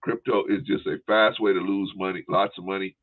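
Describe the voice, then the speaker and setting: A man's voice: deep voice, level tone, brisk. A male podcast host chatting casually, with a laid-back, rambling manner and frequent "right?" and "y'all". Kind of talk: casual chat. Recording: tinny phone-like line.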